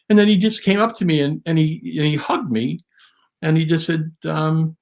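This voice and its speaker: Guest man, gravelly voice, casual storyteller who rambles, restarts and gets animated. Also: a little high, brisk. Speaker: guest drum historian.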